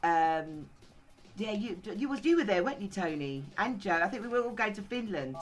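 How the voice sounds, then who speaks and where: A woman's voice: medium pitch, animated, moderate pace, faint music behind. A woman hosting a casual group chat, prompting her guests to share stories. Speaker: host.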